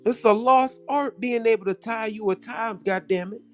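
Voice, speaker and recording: A man's voice: high voice, moderate pace, soft background music. A man as a guest on a casual live-stream panel, laid-back and teasing, dropping preachy asides.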